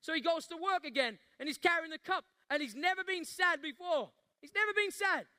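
A man's voice: extremely high pitch, brisk, sharp tone. A man preaching a passionate sermon, acting out Bible scenes with rising intensity before leading the congregation in prayer. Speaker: pastor.

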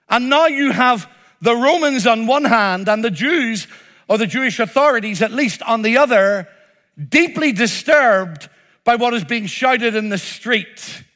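A man's voice: very high-pitched, sharp tone. A man preaching a sermon, emphatic, acting out the crowd's cries with a rising voice.

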